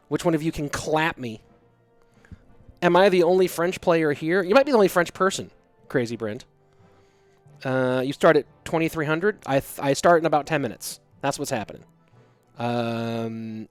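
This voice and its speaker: A man's voice: medium pitch, no room sound. A man hosting a game tournament on a live stream, chatting casually and joking while reading the chat aloud. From United States. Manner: chatty, joking, rambling asides. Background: faint music.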